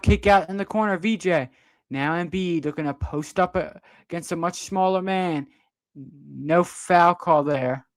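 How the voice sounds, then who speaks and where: On a livestream, an excitable young man offers amateur play-by-play commentary, his pitch shooting up suddenly at big moments. No echo is present.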